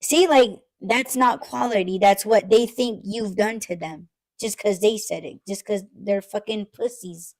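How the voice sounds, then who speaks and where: A woman's voice: mid-range voice, measured pace, poor audio. A woman in casual podcast talk, blunt and profane, ranting and mimicking the people she criticizes.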